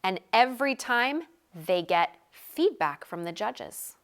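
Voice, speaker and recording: A woman in her thirties coaching a group on a live video call, talking energetically in quick bursts and repeating phrases for emphasis. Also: a little high, animated, smooth. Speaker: sales coach.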